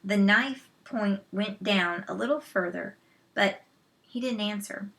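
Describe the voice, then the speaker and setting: A woman reading a children's novel aloud, slow and measured, with soft asides to listeners. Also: mid-range voice, creaky. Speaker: storyteller.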